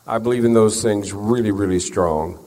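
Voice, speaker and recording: A man's voice: on the low side, normal speed, warm tone, slight background noise. A man, a singer telling folksy, joking stories to a crowd between songs. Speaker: country-style singer performing on stage. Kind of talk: stage storytelling between songs. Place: concert venue with house lights. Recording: long reverb of a concert hall.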